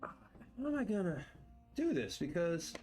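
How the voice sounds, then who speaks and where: A man's voice: high-pitched, big pitch swings, measured pace, a little mellow, faint music behind. A man streaming live, chatting playfully to himself and to viewers as he builds game terrain, boasting in fun. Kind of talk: casual live-stream chat while building. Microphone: desk mic with headphones.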